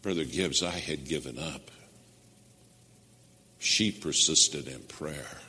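Deep-voiced preacher man in echoing hall. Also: slow. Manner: swings between loud emphasis and hushed near-whispers. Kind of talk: sermon with storytelling. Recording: long hall reverb.

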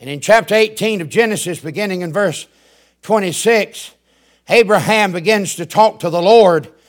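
An older man, a radio preacher delivering a fiery sermon that builds to shouts. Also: high-pitched, moderate pace.

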